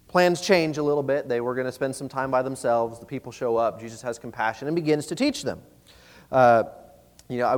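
A man preaching a sermon in a conversational way, often asking the listeners questions. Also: medium pitch. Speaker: pastor. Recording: long reverb of a large hall.

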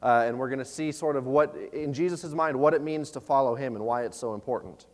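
A pastor giving an earnest, conversational sermon, often repeating words and using fillers. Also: male voice, mid-range voice, a little fast. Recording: long reverb of a large hall.

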